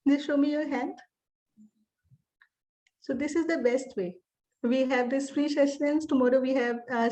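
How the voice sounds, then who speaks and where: A woman's voice: high-pitched, mellow. A woman who teaches yoga, speaking as a guest on a video call, hesitant with many fillers. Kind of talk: casual guest greeting.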